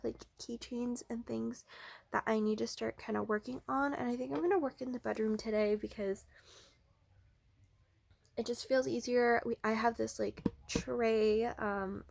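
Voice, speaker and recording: A young woman talking casually at home, chatty and bubbly, with many fillers and some hushed asides. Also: medium pitch, vocal fry. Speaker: vlogger and art teacher. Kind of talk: casual vlog chat. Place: indoors at home, in a bedroom.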